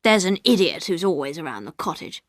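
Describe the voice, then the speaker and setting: Woman reader playing a sneering male accuser, lower, mocking, dry read. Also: sing-song, fairly quick, no room sound. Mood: taunting. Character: sneering bitter man accusing others.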